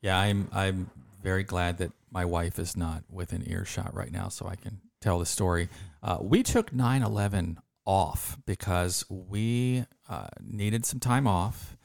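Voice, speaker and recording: A man's voice: deep voice, measured pace, creaky, no echo, studio quality. A man hosting a podcast, telling a story in a casual way and acting out the voices of the people in it. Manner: lively storyteller who acts out quoted voices. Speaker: podcast host.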